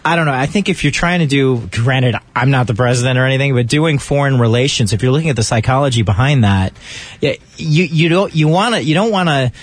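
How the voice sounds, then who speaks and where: A man's voice: mid-range voice, animated, fast. A man co-hosting a radio show, explaining things in a rambling way with a lot of restarts. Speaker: radio co-host. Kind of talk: casual radio banter.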